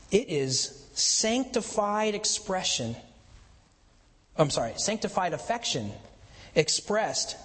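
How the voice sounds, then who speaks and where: High-voiced preaching man in a reverberant hall. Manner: conversational, joking asides then slow emphatic preaching. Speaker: pastor. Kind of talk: sermon.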